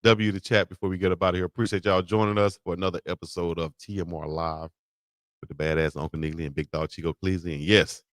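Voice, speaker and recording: A man's voice: deep voice, steady tone, fast talker, no echo, clean studio sound. A man co-hosting a casual live-stream show, joking and laughing as he talks. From Alabama. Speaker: co-host.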